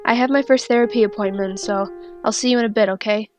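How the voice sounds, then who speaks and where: A woman's voice: on the high side, steady tone, fast, a little mellow, lightly acted. A woman reading the lines of an anxious, grieving young man in a storybook reading, with faint music behind.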